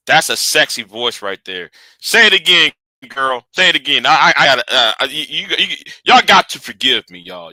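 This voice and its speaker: Animated, bright-voiced male commentator. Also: mid-range voice, dry recording. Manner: animated, rambling, restarts, drops to mutters. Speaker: commentary host. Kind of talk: casual commentary.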